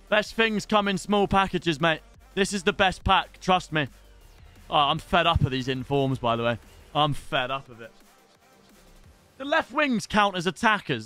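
A young man streaming live and chatting casually while opening packs in a football game, excitable and sweary. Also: high-pitched. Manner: excitable, shouts at pack pulls, swears.

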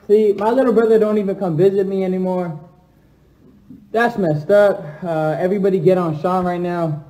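Hyped-up young man on a livestream. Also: a little fast. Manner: swings from low, subdued talk to loud hyped trash talk. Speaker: livestream host answering fans. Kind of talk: casual livestream chat. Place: empty house, alone. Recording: echoey room.

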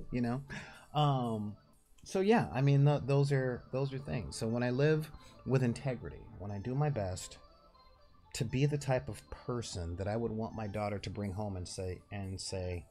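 A man hosting his own channel talks casually to the camera, rambling with laughs and restarts. He's from Southern California, and his nasal voice is medium-pitched and a little mellow.

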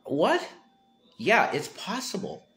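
A man's voice: high-pitched, huge pitch swings, slow. Rambling man ranting about politics. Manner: rambling, self-interrupting, swings from mumbling to loud exasperation. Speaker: political commentator. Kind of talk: casual rambling monologue.

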